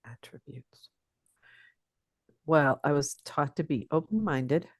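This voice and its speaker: A woman's voice: sits low, slow pace, no room sound, studio quality. An older woman from the Pacific Northwest, a teacher guesting on a podcast, talking reflectively and chuckling often as she tells stories. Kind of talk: casual interview conversation.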